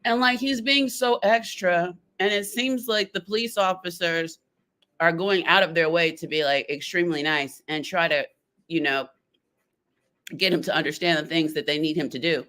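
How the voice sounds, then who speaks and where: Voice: medium pitch, fairly even intonation, moderate pace, sharp tone. A commentator casually reacting in a chatty, incredulous way. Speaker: stream commentator.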